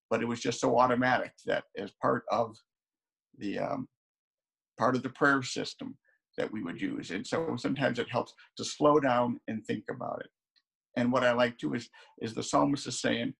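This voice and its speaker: Pastor guy preaching a sermon, super gravelly husky voice, chatty, repeats words a lot. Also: mid-range voice, normal speed. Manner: conversational, repeats words while thinking.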